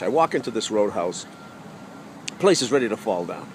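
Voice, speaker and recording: A man's voice: fairly low pitch, big pitch swings, normal speed, slight background noise, poor audio. A man telling a humorous personal story with wry asides to the audience.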